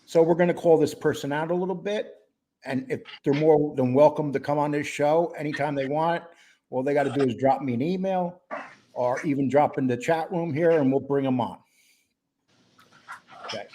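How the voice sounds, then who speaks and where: A man hosting a casual live-stream show, greeting chat viewers by name in a relaxed, rambling way. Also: fairly high pitch, moderate pace, a little hiss or hum. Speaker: host.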